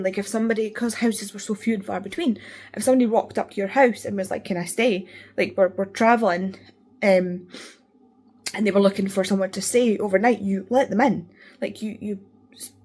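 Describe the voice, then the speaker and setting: A woman's voice: mid-range voice, darkish tone. A Scottish woman vlogging in a loose, rambling way, full of fillers and restarts. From Scotland. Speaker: book vlogger. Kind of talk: casual chat.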